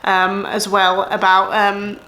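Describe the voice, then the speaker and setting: A woman's voice: medium pitch, monotone, slow pace, pushed and bright, reverberant. A woman in her thirties with an English accent, chatting casually about her month of reading, rambling and correcting herself as she goes. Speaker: book vlogger. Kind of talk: casual chat.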